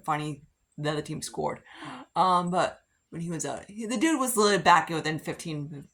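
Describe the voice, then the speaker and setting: Woman vlogger, lowish voice, rambling casual makeup chat, heavy on "like". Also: normal speed, fairly bright tone. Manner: rambling, filler-heavy, frequent "like". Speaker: beauty vlogger. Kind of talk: casual get-ready-with-me chat.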